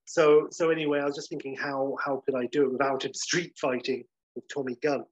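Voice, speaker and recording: A man co-hosts a podcast in an animated, chatty way, his speech full of fillers. His voice is husky and sits mid-range. The audio is muffled and lo-fi. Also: mid-range voice, a little fast. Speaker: podcast co-host. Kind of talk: casual chat.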